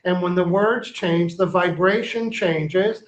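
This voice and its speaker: A man's voice: high-pitched, slow. A man speaking as an interview guest, teaching with emphasis and repeating his key phrases like a coach. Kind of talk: interview conversation. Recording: roomy, dull lo-fi sound.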